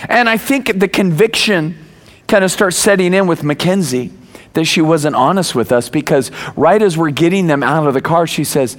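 A man in his forties, a pastor preaching a sermon, telling stories with lively acted-out voices and sudden raised words. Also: high voice, moderate pace. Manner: animated storytelling, acts out quoted voices, bursts of raised voice.

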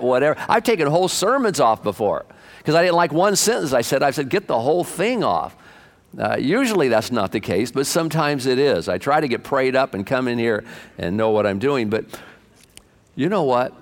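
A man's voice: medium pitch, lively intonation, brisk. A man preaching a conversational sermon in church, asking the congregation questions and joking about himself. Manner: self-deprecating and candid. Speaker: pastor. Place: church sanctuary.

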